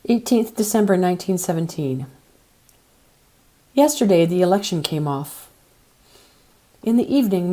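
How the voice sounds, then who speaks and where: Mellow woman reading a novel aloud. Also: lowish voice. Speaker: audiobook reader.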